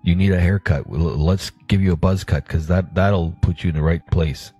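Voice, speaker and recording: Man, tabletop player, very deep voice, husky, joking, stammers. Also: moderate pace, dark tone, dry recording, faint music behind. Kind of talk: casual tabletop play.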